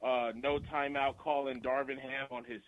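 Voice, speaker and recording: A man's voice: mid-range voice, level tone, normal speed, no echo, narrow, tinny audio. A male guest actor in a casual radio interview, talking loosely and animatedly with frequent laughs.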